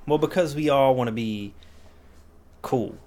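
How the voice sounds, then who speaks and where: A man's voice: mid-range voice, unhurried. Profane young man in casual podcast chat. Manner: profane, animated storytelling. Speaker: podcast co-host. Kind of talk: casual conversation.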